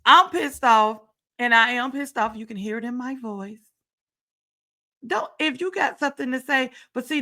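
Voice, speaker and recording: Bright-voiced woman host ranting emphatically. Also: medium pitch. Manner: emphatic, repetitive ranting with sarcastic asides. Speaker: talk show host. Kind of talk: casual commentary on reality TV. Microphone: home setup, screen sharing.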